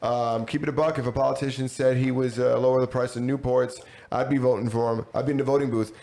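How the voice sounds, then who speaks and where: Gravelly young man in slangy chat. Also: medium pitch, quick pace. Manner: relaxed, slangy banter, reads chat messages aloud. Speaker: podcast co-host. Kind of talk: casual chat.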